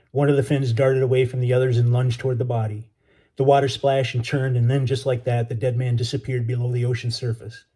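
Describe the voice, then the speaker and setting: Man reading his novel aloud, author, relaxed, mellow dark tone, mid pitch. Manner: casual, relaxed greeting. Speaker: author and educator.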